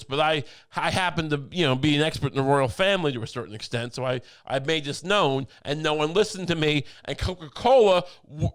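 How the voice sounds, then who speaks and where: A man's voice: on the high side, fairly bright tone, clean tone. A young man hosting a podcast, rambling through a mock-conspiratorial comedy monologue with lots of restarts. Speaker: podcast host.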